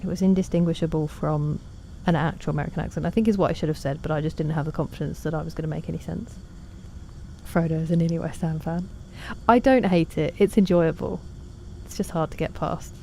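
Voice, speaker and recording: Mellow-voiced woman streaming. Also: sits low, fairly even intonation, fast, gravelly, a little hiss or hum. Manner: chatty, self-deprecating, reads out chat messages. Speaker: game streamer. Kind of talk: casual gaming stream chat.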